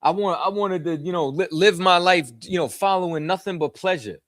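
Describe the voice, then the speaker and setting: A man's voice: sits high, fairly quick, a bit bright, no echo, clean studio sound. A man leading a scripture study, speaking in casual street slang and often asking "you know what I'm saying". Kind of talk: casual teaching.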